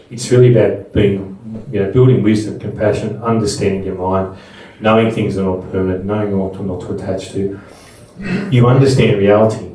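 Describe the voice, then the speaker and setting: Middle-aged man, mellow low voice, chatty storytelling talk, very echoey room, far from the mic. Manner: conversational and anecdotal, with frequent restarts. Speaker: speaker at a Buddhist seminar. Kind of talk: talk to a live audience. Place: room with an audience.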